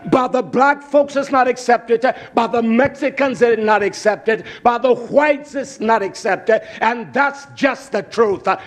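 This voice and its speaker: High-voiced fiery male preacher. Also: expressive, takes it slowly. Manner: swings from loud shouting to hushed near-whispers. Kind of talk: fiery sermon.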